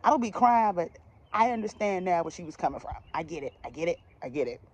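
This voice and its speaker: A woman's voice: on the low side, sing-song, fast, a little mellow, highs cut off. A young woman from the DMV area telling a personal storytime to her viewers in a chatty, slangy way with laughing asides. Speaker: vlogger. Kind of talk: casual storytime.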